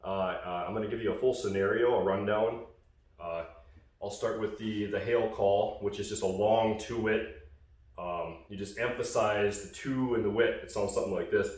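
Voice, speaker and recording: A man's voice: lowish voice, fairly even intonation, normal speed, darkish tone, heavy reverb, recorded from a distance. A man casually explaining goose calling in a hunting call tutorial, rambling with fillers and restarts.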